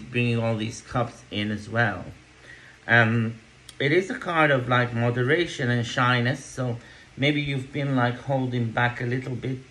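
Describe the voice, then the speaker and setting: A man's voice: medium pitch, bright, forceful tone, poor audio. A man giving a tarot card reading to camera, reassuring, checking in with "okay?" and "yeah?" between thoughts. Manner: reassuring, repeats "okay?" often. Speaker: tarot reader.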